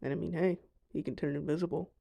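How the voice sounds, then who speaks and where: Dark-toned young woman narrating gameplay. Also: sits low, fairly even intonation, fast talker, vocal fry. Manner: chatty, self-deprecating asides. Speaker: gamer showing her dragons. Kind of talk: casual voice-over narration.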